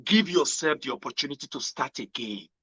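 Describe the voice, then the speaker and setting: A man with a Nigerian accent, mixing in Pidgin, giving a casual motivational monologue as a host. He swings from loud exclamations to low murmurs. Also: animated, brisk, breathy edge, no echo. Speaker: political commentary host. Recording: dull lo-fi sound.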